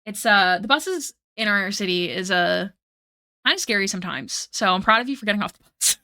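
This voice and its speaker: A woman's voice: medium pitch, lively intonation, brisk, pushed and bright, dry recording, studio quality. A young woman chatting casually with her stream while she draws, rambling and self-deprecating as she reads chat aloud at night. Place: home room at night. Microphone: desk mic.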